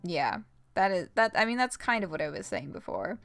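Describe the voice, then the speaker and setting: A woman's voice: lowish voice, big pitch swings, a little fast, vocal fry, no echo, faint music behind. A young adult woman streaming a game, chatting casually and rambling with lots of fillers and laughs. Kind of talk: casual let's-play chat.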